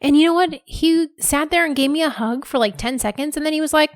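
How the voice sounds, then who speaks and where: A woman's voice: sits high, brisk, dry recording, studio quality. A woman in her thirties hosting a podcast, talking candidly and casually with plenty of "like" fillers. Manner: candid and chatty, many "like" fillers. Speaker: podcast host.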